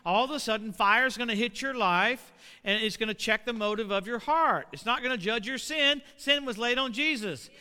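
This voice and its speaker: Middle-aged male preacher, high and piercing, smooth voice, long hall reverb. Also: normal speed. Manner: animated, building to shouts. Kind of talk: sermon.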